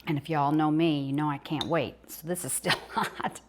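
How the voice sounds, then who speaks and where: Older Southern woman, home cook, chatty and folksy, lowish voice. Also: steady tone, moderate pace, a little hiss or hum. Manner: chatty, folksy, talks while eating. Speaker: home cooking vlogger. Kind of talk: casual cooking demonstration.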